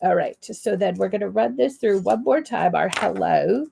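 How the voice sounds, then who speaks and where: Woman, Canadian accent, head cold, gravelly fry, rambling friendly crafting host. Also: medium pitch, animated, normal speed, dark tone, a little hiss or hum. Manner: rambling, friendly, lots of ums and asides. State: has a cold and cough. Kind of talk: chatty live crafting demo.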